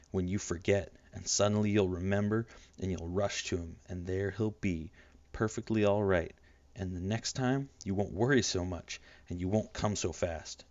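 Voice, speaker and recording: A menacing, mocking older boy, voiced by a man reading aloud. The delivery is low and taunting, never far from threat. The sound is dull and lo-fi, dry and close. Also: darkish tone, dry recording.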